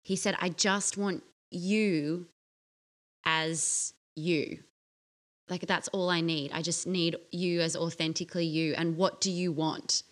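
A woman, co-hosting a casual podcast chat and telling a story with acted-out quotes. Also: takes it slowly. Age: 30s. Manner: animated storytelling, acting out quotes in a low voice. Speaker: podcast co-host.

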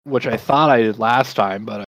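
A man's voice: medium pitch, normal speed, fairly bright tone, no room sound. A man co-hosting a podcast in casual chat, talking loosely and swearing often as he rambles. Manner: loose, profane, rambling banter. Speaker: podcast co-host.

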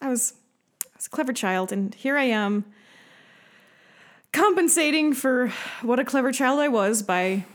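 A young American woman hosts a podcast in a relaxed, chatty way. Her voice sits a little on the high side, and she keeps breaking into giggles as she jokes along. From United States. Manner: playful, giggly and quick with jokes. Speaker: podcast host. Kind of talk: casual chat.

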